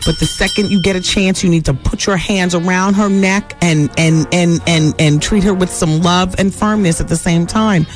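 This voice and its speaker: A woman's voice: lowish voice, fairly even intonation, normal speed, hardly any pauses, soft background music. A woman hosting a radio talk show, chatting candidly with callers and listeners and laughing easily.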